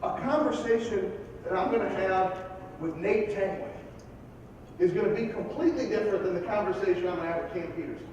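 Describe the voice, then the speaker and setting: A football coach with a high-pitched voice tells stories during a motivational speech, occasionally erupting into loud yelling. He sounds distant in a large hall with a long, booming echo, speaking a little fast over dull audio and slight background noise.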